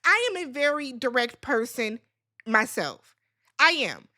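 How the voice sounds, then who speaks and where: Blunt, foul-mouthed woman reality-show recapper; high, very animated voice. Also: a little slow. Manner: blunt, profane, exasperated commentary; talks straight to viewers.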